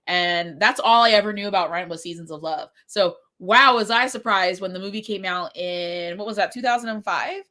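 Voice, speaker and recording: A woman in her forties chats at home during a livestream, her voice sharp and bright despite being congested. She rambles chattily, piling on fillers as she tells stories like the teacher she is. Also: medium pitch, moderate pace, few pauses. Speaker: middle school French teacher. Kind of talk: casual livestream chat during writing sprint.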